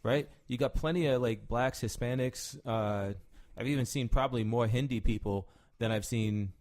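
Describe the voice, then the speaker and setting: A man's voice: mid-range voice, moderate pace, a little mellow. A man co-hosting a casual podcast, talking animatedly and swearing, with lots of "right?" tag questions. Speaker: podcast co-host. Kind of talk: casual chat.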